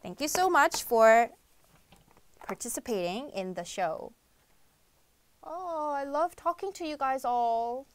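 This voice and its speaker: Bubbly and high-pitched, this young woman from South Korea takes her time as she hosts a live-stream quiz show, reading out viewer comments and breaking into excited outbursts. The recording has no room sound.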